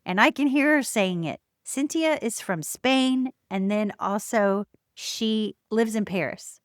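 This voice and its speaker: Calm woman hosting a podcast, dry sound. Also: fairly high pitch, no echo. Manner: calm, measured, emphatic pauses. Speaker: podcast host. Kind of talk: reflective solo podcast talk.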